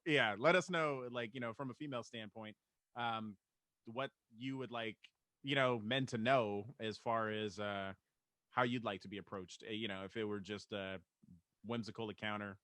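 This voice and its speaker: A man's voice: lowish voice, fairly even intonation, moderate pace, bright, forceful tone, dry recording. A man co-hosting a podcast in casual chat, earnest and full of fillers. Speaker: podcast co-host.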